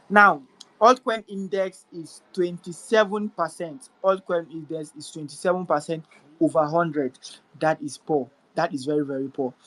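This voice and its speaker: A man's voice: fairly high pitch, low-quality recording. A man hosting a live audio chat, giving a crypto market update and repeating figures and questions for emphasis. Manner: rhetorical, questioning.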